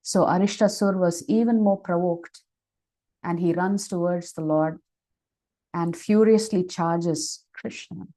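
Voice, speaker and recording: Woman telling holy stories for an online class, slow and mellow, lots of ums. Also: lowish voice, steady tone, rough recording. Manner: measured retelling with frequent fillers. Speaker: spiritual teacher. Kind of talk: devotional scripture storytelling. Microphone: online session microphone.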